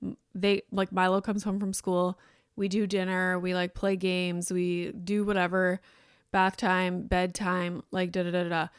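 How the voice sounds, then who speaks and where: A woman's voice: on the low side, completely flat delivery, a little slow, smooth, no echo, clean studio sound. A woman in her thirties hosting a podcast, telling a rambling personal story in casual chat with lots of "like". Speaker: podcast host.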